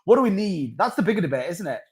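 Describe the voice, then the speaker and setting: A man's voice: sits high, sing-song, fast talker, breathy edge. A man hosting a casual crypto live stream, rambling and reading out viewer comments.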